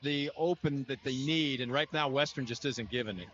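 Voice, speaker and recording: Relaxed male play-by-play announcer. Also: mid-range voice, moderate pace, dull audio, slight background noise. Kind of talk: sports commentary.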